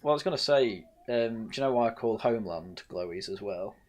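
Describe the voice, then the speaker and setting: A man's voice: lowish voice, animated, brisk. A man chatting casually on a podcast, rambling and teasing, with frequent restarts. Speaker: podcast co-host.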